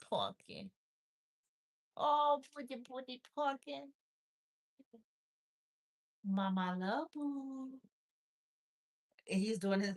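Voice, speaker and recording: A woman, talking in high baby talk to her cat, then giving a tarot reading in an unhurried, repetitive way. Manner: unhurried, repeats itself. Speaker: tarot reader. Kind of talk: casual chat with her cat.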